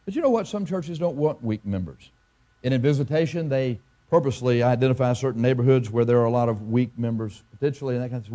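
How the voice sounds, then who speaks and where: A man preaching a sermon as a pastor, telling a story and pressing his point with emphatic repetition and halting restarts. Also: medium pitch, mellow.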